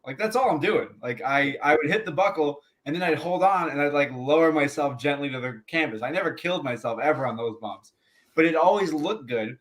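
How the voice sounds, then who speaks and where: A man, a former pro wrestler, telling profane, laughing road stories in a casual interview. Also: fairly high pitch. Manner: profane, laughing anecdotes with quoted voices.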